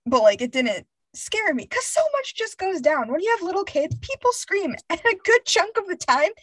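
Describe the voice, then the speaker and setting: A woman in her twenties telling a story in casual chat, animated and acting out the voices of friends, laughing often. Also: extremely high pitch, normal speed, dry recording. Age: 20s.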